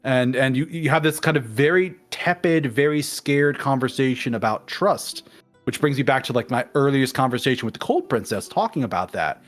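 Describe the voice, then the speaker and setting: A man's voice: medium pitch, normal speed, soft background music. Man retelling a game, acting out quotes. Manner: animated storyteller acting out quotes. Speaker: guest in a game discussion. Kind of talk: casual conversation.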